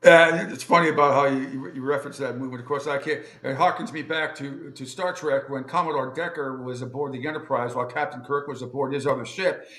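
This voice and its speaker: A man co-hosting a radio talk show, chatting excitably and laughing often. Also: mid-range voice, fast, few pauses. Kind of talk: casual talk radio banter. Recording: roomy studio sound.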